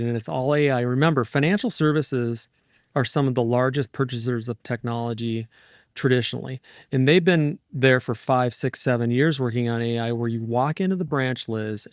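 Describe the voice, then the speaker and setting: A man in his fifties, a market strategist guest in an interview, talking in an energetic, rambling, digressive way. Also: mid-range voice, dry recording, clean studio sound. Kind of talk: casual interview talk.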